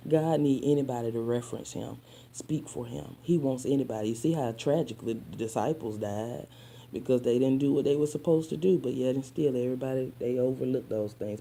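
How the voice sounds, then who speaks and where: Sassy storyteller woman with a mellow voice. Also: a bass voice, normal speed, a little hiss or hum. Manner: sassy, calls listeners honey and child; preachy, spiritual asides. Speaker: vlogger. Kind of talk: casual storytime monologue.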